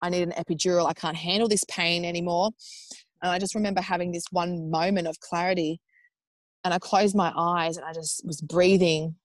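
An Australian woman in her thirties, a podcast guest telling a personal story in a casual, animated way, acting out what people said. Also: on the low side, brisk, no echo. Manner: animated, acts out quoted speech in raised voices; chatty with frequent fillers like "like" and "um".

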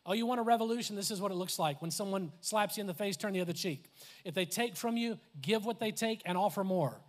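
High-voiced man preaching animatedly. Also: fast talker. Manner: animated, conversational preaching with laughs and asides; acts out quoted voices. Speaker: pastor. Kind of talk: sermon.

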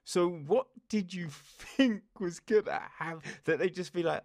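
A man's voice: high voice, unhurried, hardly any pauses, a little mellow, dry recording, clean studio sound. A young man casually reviewing a book, rambling and chatty, with frequent laughs and quoted asides. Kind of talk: casual chat.

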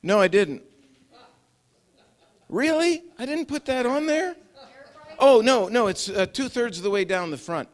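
A man's voice: very high-pitched, expressive, measured pace, long pauses. An older man preaching a conversational sermon, often repeating words and chuckling as he talks. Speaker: pastor.

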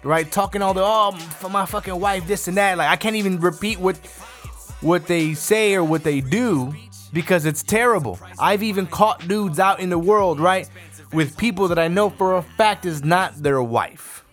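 A man's voice: sits high, normal speed, fairly bright tone, faint music behind. A man hosting his own podcast, talking solo in a blunt, profane, ranting way. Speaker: podcast host. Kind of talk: casual solo podcast rant.

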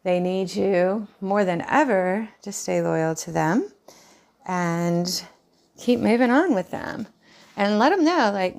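A woman's voice: medium pitch, expressive, a little slow, gravelly, a little mellow. A middle-aged woman who works as a hairdresser, hosting her own podcast in a casual, rambling way with many fillers and restarts. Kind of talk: casual solo podcast talk.

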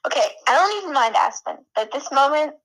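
Girl with a really high voice, teasing her friend, quick comebacks. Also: lively intonation, a bit bright, low-quality recording. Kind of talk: casual chat.

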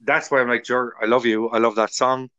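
A man's voice: medium pitch, steady tone, a little fast, bright, forceful tone, highs cut off. A man hosting a podcast, chatting casually in a gushing, jokey way. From Ireland. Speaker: podcast host. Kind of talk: casual chat.

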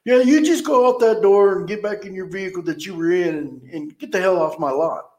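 A man's voice: sits high, fairly quick, voice pushed up, natural voice. A man putting on a blustering, angry car lot boss. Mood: angry scolding. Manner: loud, scolding, rude. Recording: roomy echo.

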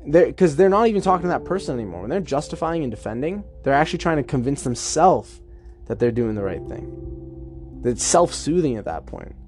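A man's voice: on the high side, sing-song, a little fast, a little mellow. Chatty man musing in a monologue. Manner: chatty, acts out imagined dialogue. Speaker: podcast host. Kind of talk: casual self-help monologue.

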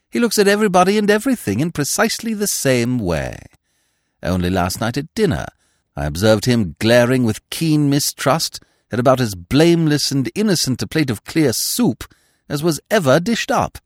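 A man reading a story voices a suave, verbose young gentleman with a florid, ironic manner. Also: medium pitch, dry recording, clean studio sound, voice pushed up.

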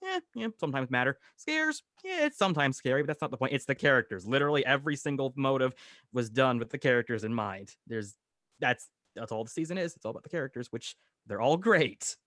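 A man reviewing a series in casual chat, whose voice jumps up when he gets excited. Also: fast talker, dry recording, studio quality. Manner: animated, jumping pitch when excited.

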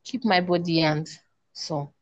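A woman, a podcast guest giving an earnest personal testimony, often repeating herself and slowing to a hush. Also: on the low side, dull audio. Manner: earnest, repeats herself, slows and drops to a hush when recalling prayers. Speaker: interview guest.

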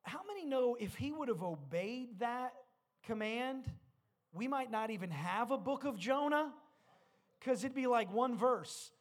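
A man's voice: extremely high pitch, expressive, measured pace. A man preaching a sermon, who moves between retelling Bible stories and rising exhortation, often repeating words as he restarts. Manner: builds from storytelling to loud exhortation. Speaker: pastor.

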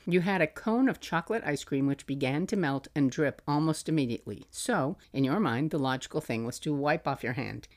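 A middle-aged woman with a low voice reads from a journal she once kept for her little boy. Her delivery is fond and motherly, broken now and then by soft laughs. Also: lively intonation, brisk, few pauses. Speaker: podcast host. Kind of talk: reading aloud from a family journal.

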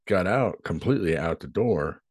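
A man's voice: sits low, moderate pace, slightly rough, dry recording, studio quality. A man co-hosting a podcast, chatting casually about a movie and murmuring agreement. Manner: relaxed, lots of agreeing murmurs. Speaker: podcast co-host.

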